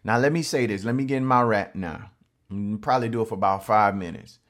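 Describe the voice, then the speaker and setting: A man's voice: on the low side, brisk, fairly bright tone. A middle-aged man, ranting as a sports fan, emphatic and repeating his phrases.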